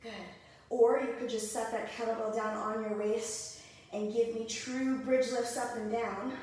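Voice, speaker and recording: Breathless, high-voiced woman coaching a workout. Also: level tone, unhurried, darkish tone, a little hiss or hum. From American Midwest. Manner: chatty, cues moves while exercising. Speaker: fitness instructor. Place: home workout room with mirrors. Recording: echoey room, voice from far off.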